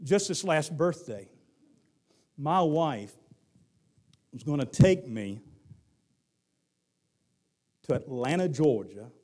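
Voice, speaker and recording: A middle-aged man with a Southern accent preaching a sermon, moving from hushed lines to shouted ones. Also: on the high side, lively intonation, takes it slowly, pauses often. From Southern United States. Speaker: pastor.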